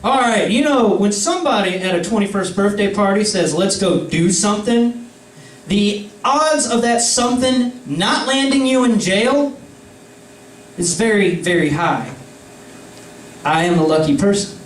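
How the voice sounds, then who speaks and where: A young man with a high voice tells a rambling, profanity-laced story to his friends. He sits back from the mic in a roomy space. A faint ambient hum runs underneath. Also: animated, measured pace, recorded from a distance. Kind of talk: casual anecdote. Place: indoor room with friends.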